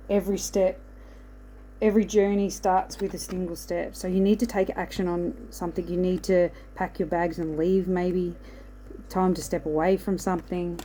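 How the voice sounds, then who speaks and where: A woman speaking in a mellow, slightly low voice as she rambles through an oracle card reading. She keeps reassuring the listener and checking in with "okay?". A faint hum of noise sits behind her. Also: rough recording. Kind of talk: casual spiritual card reading.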